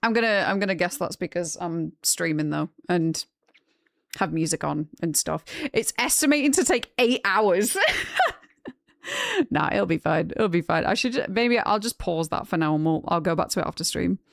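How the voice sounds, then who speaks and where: A young woman streaming games, chatting casually with her viewers, frank and quick to laugh. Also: lowish voice, lively intonation, vocal fry, no room sound, studio quality. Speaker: game streamer. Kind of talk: casual chat with live chat.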